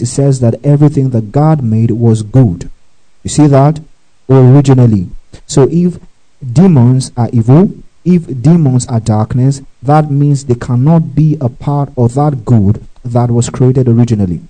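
Dark-voiced preacher teaching a Bible lesson. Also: male voice, medium pitch, rough recording. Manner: checks in often with "okay?" and "right?"; spells out words letter by letter.

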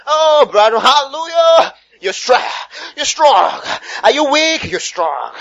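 A man putting on an overexcited preacher who shouts scripture out of context in a sing-song tone. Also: extremely high pitch, very animated, slow, vocal fry, lo-fi sound, pitched above the performer's own voice, exaggerated voice. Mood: fervent shouting.

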